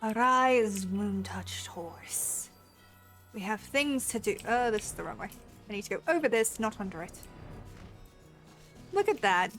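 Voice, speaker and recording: A woman's voice: medium pitch, lively intonation, measured pace, long pauses, fairly bright tone, faint music behind. A woman streamer chatting casually to her viewers while playing, laughing often and poking fun at herself. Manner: self-deprecating, laughs often, talks to chat. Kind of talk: casual gameplay commentary.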